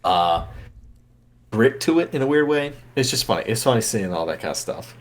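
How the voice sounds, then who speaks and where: A man's voice: medium pitch, lively intonation, normal speed. A man with a Georgia Southern accent, the guest in a casual interview, rambling with lots of filler words. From born in Florida, raised in Georgia. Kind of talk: casual chat.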